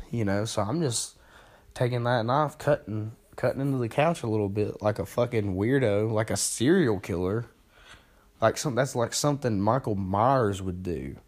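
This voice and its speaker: A man's voice: lowish voice, darkish tone. A young man hosting a podcast, telling a story in a casual, profane, self-mocking way that rambles along. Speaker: podcast host.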